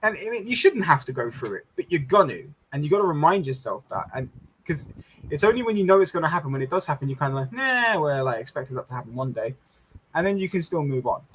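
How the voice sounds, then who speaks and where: An English man in casual chat, telling stories lively and laughing often. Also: on the high side, fast talker, slightly rough. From England. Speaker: show host.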